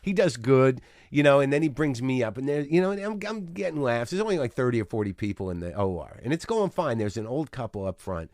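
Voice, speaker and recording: A man's voice: mid-range voice, animated, fast, few pauses, darkish tone, dry recording, studio quality. A middle-aged man, a guest comedian, telling a story in casual chat with an intense, ranting, swearing delivery.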